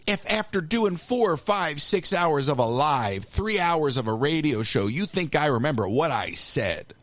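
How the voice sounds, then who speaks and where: A man's voice: fairly high pitch, fairly bright tone, dry recording, dull audio. A man hosting a live call-in show, chatting in a rambling, self-deprecating way with joking asides. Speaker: radio show host.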